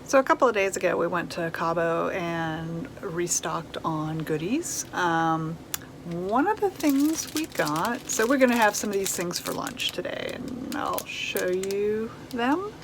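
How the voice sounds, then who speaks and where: A woman chats slowly and easily in a casual vlog, full of small fillers. She sounds unhurried. Steady background noise runs under her voice. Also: fairly low pitch. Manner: relaxed, chatty, with fillers. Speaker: vlogger. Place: RV kitchen.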